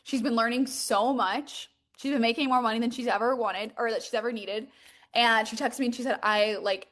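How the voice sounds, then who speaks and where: A woman's voice: fairly high pitch, brisk, fairly bright tone. Emphatic young woman mindset coach. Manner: casual, emphatic, swears freely, many fillers. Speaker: podcast host, mindset coach. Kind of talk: motivational monologue.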